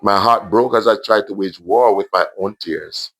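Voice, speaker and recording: A Jamaican man gently reading his own emotional story aloud to a primary school class, adding asides. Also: on the low side, moderate pace, few pauses.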